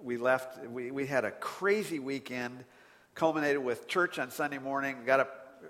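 A man preaching a sermon, telling a personal story in an animated way that swings from quiet to loud exasperation. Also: mid-range voice, normal speed, big-room sound. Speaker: pastor.

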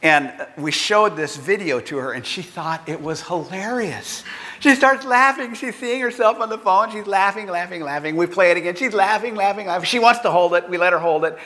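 An older man preaching a sermon in an earnest, conversational way, acting out quotes with lively energy. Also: high voice, moderate pace, long reverb tail. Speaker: pastor.

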